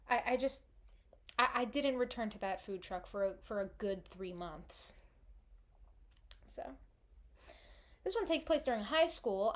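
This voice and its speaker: A young woman telling embarrassing stories in a casual, self-deprecating way, rambling with frequent restarts. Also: fairly high pitch. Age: young adult. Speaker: vlogger. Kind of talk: casual storytelling monologue.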